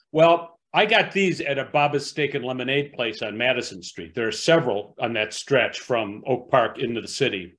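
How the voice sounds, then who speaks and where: A man's voice: medium pitch, moderate pace, few pauses, a bit bright. Easygoing man explaining casually. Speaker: co-presenter. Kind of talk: casual talk.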